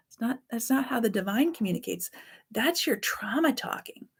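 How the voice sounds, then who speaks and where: A woman's voice: a little high, expressive, normal speed, slightly rough. Chatty woman teaching a self-help class. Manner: loose, chatty, self-correcting with fillers. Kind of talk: spoken self-help lesson.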